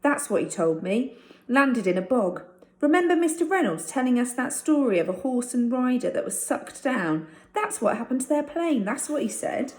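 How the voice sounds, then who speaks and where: A woman reading a storybook aloud, voicing an excited young boy who tells his friend what happened. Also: sits high, normal speed, pitched above the performer's own voice. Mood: chatty. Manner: excited, breathless. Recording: roomy echo.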